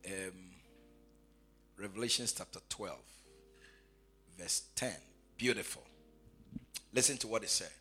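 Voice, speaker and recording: A man preaching a sermon who repeats his phrases and swings from quiet asides to shouted, sing-song proclamation. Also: fairly low pitch, unhurried, pauses often, husky, soft background music.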